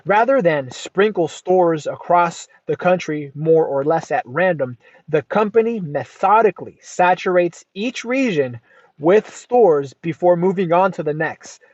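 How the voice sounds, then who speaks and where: American male podcast host, slightly high voice, reads a business book aloud with asides; dry, dull, lo-fi sound. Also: expressive, darkish tone, no echo. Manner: deliberate reading, says "quote" aloud before quotations. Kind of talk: reading a nonfiction book aloud with commentary.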